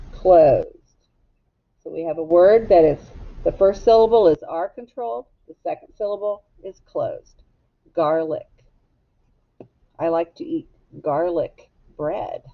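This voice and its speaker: Slow, patient woman teaching phonics. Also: lowish voice, creaky, dull audio. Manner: slow, patient, drawn-out instruction. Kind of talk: phonics lesson.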